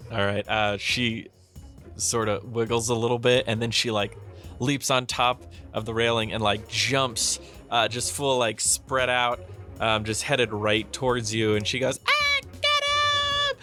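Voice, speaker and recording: A man's voice: mid-range voice, steady tone, measured pace, pushed and bright, soft background music. A man narrating as game master in a tabletop game, rambling with lots of fillers and restarts. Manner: rambling, hesitant, many fillers.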